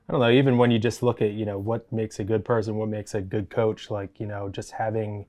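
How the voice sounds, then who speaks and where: A man co-hosting a throws podcast, speaking softly and hesitantly with many pauses and fillers. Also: lowish voice, level tone. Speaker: throws coach, podcast co-host. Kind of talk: casual sports chat.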